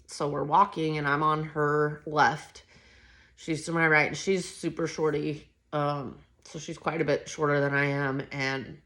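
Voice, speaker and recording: A woman's voice: sits low, bright, forceful tone. A woman telling a personal story from her own life in a casual, candid way, blunt and conversational. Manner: blunt and conversational, with frequent swearing and fillers. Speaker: memoir author recounting her life.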